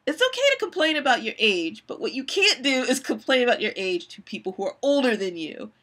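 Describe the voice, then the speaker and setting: A woman's voice: fairly high pitch, very animated, fairly quick, fairly bright tone. A woman in her forties, talking candidly and rambling with frequent restarts as she hosts her own live stream. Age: 40s.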